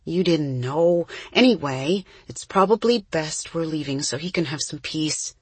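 A woman voicing a kind-hearted girl who speaks softly and comfortingly. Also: low voice, expressive, measured pace, husky, dry recording, heavily acted.

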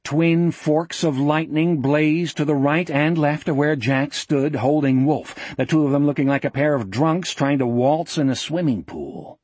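Man, audiobook narrator, husky voice, slightly high pitch, dry close recording, measured dramatic reading. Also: a little mellow, no echo. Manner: measured, vivid storytelling.

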